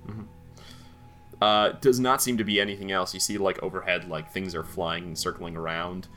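A man's voice: sits low, steady tone, normal speed, bright, forceful tone, faint music behind. A man running a tabletop game as game master, talking loosely with lots of fillers. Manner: loose, chatty, full of fillers.

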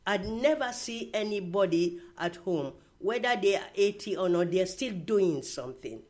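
A woman's voice: mid-range voice, expressive, moderate pace. Older lady with an accent, chatty storyteller, lots of you knows. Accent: foreign-accented English. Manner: warm storytelling, many "you know" fillers and restarts. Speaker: interviewee. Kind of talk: casual reminiscing chat.

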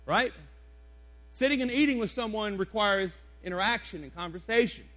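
High-voiced man preaching a conversational sermon. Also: moderate pace, a bit bright. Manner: conversational preaching, emphatic repetitions, asks the congregation questions. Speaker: pastor. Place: church sanctuary before a congregation.

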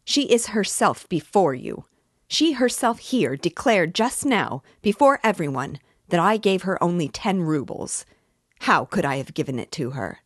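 A man's voice: fairly high pitch, expressive, a little slow, dry recording, clean studio sound. A woman reading aloud as a pompous man who stammers, squeals and answers impudently when accused. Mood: defensive, sneering. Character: pompous, cornered middle-aged man, sneering.

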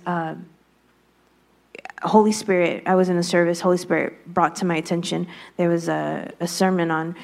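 A woman's voice: fairly low pitch, gravelly, darkish tone. A woman speaking candidly as a guest, sharing a reflective personal faith testimony. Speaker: guest, wife.

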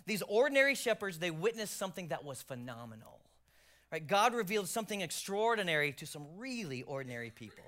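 A male pastor preaching a sermon, swinging from loud emphasis to hushed near-whispers, with jokey self-deprecating asides. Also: high voice.

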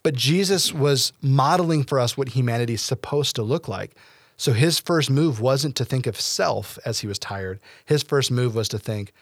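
A man's voice: mid-range voice, expressive, normal speed, no echo, studio quality. A man hosting a casual faith discussion, talking earnestly at length with playful asides.

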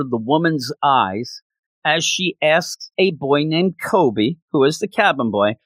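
A man giving a casual recap of an anime episode, telling it with animated, acted-out quotes. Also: on the high side, no echo. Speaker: anime reviewer.

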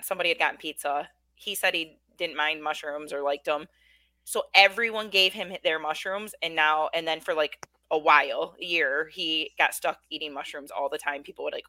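A woman's voice: low-pitched, bright, forceful tone, no room sound. A woman co-hosting a casual podcast, telling a story in a chatty way with plenty of fillers. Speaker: podcast co-host. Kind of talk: casual chat.

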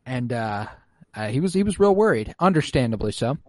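A man talking through an episode recap in easygoing chat, his pitch sitting in the middle range. He swears freely and acts out big reactions. The voice sounds dry and close-miked. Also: very animated, a little fast, no room sound. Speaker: podcast host recapping an episode. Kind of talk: casual chat.

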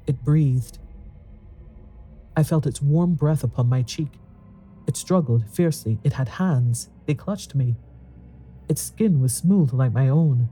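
A man's voice: mid-range voice, dark tone. A man narrating a horror story in an intense, dramatic reading, rising to fearful pleading in the dialogue. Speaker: audiobook narrator.

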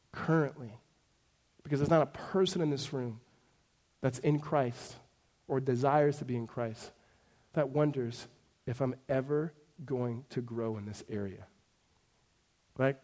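A man in his thirties preaching a sermon to his congregation in a conversational way, dropping to a hush and then rising to emphatic points. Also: medium pitch, unhurried, pauses often. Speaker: pastor.

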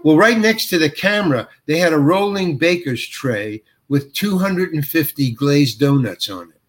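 A middle-aged man telling a story as an interview guest, acting out the quoted lines. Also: normal speed. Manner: animated, acts out quoted lines with jumps in pitch. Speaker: actor guest. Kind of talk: anecdotal storytelling.

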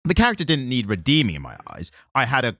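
A man's voice: medium pitch, fast talker, creaky, no room sound, clean studio sound. A man co-hosting a comics podcast, chatting casually and acting out lines from the comics. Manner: animated, acts out quotes from the comics. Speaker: podcast co-host. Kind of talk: casual chat about comics.

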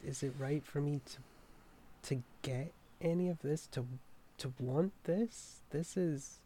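A man playing his character in a tabletop game, speaking haltingly with many pauses. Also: a little high, warm tone. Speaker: player voicing Eric. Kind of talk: in-character tabletop role-play.

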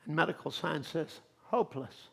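A male pastor preaches with a high, gravelly voice. His tone is bright and cutting. His sermon moves between soft, close storytelling and loud, impassioned calls to the congregation. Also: a little slow. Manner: swings from quiet storytelling to shouted fervor.

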